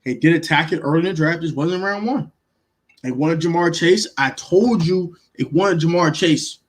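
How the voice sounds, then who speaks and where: A man's voice: fairly high pitch, moderate pace. A man hosting a casual livestream, talking emphatically, repeating himself and swearing freely as he reacts to viewers by name. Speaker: livestream host grading draft picks.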